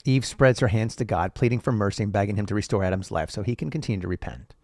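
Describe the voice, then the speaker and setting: A man with a gravelly, low voice talks through texts in casual commentary. He swears freely, drifts off topic and lets sarcasm carry the talk. The recording is dry and close, with no room around it. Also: fast talker, darkish tone, no echo. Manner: profane, sarcastic, rambling, laughs at own jokes. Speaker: podcast host.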